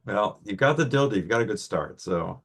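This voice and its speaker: A man hosting a radio interview, asking relaxed, conversational questions. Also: on the low side, brisk, gravelly. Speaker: radio show host. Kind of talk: casual interview.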